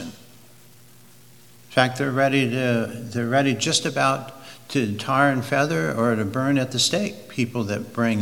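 A man preaching a sermon, slow and deliberate, rising for emphasis and reading scripture aloud. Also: mid-range voice, creaky, a bit bright. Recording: long hall reverb.

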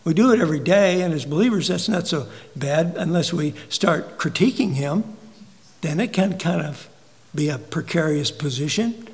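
A man preaching a sermon, asking the congregation rhetorical questions and swinging from emphatic peaks down to quiet, low asides. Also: expressive, normal speed. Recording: long hall reverb.

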